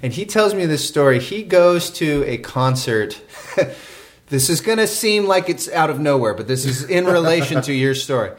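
A man with a somewhat high voice, guesting on a podcast. He tells a long anecdote in a loose, rambling way, with lots of fillers and bursts of laughter. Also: animated, moderate pace. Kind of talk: casual chat, storytelling.

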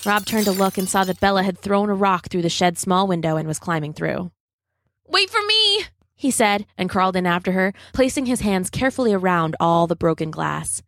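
A woman reading a children's adventure story aloud, steady and dramatic. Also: lowish voice, a little fast, few pauses, no echo, studio quality.

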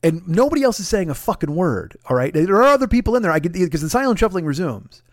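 A man telling a comic story casually, profane and animated, dropping low to retell a moment then rising in exasperation. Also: quick pace, no echo, clean studio sound. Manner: profane, animated, swings between hushed retelling and loud exasperation. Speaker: comedian storyteller.

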